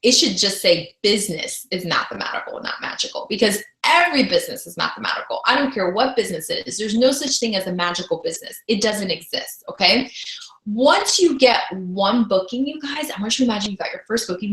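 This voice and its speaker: A woman's voice: fairly high pitch, animated, brisk, a bit bright, roomy sound, low-quality recording. A woman teaching a sales training class on video, upbeat and emphatic, often repeating her key lines. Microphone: camera.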